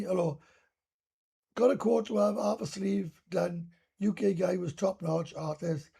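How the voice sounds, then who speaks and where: A man's voice: high-pitched, creaky, warm tone, slightly rough. A Welsh man hosting a casual live stream, reading viewer comments aloud and answering them bluntly, swearing freely and often restarting his sentences. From Wales.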